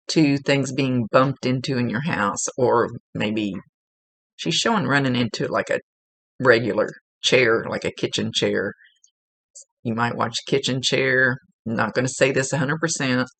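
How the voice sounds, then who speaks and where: A woman psychic medium giving a casual, gently instructive reading, relaying messages with chatty asides. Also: a bass voice, creaky. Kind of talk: casual spoken reading to a client.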